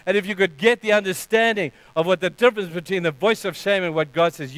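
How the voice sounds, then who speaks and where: Preaching fast with hardly any pauses, a pastor uses his high, resonant voice to punch key lines loudly, then falls quiet; he also leads a closing prayer. The tone is clean, close, and dry, with no echo.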